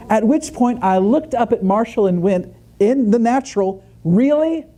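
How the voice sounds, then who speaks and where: A man speaking at a conference, telling a humorous story in a chatty, animated way with many asides. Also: high voice. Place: conference stage before an audience.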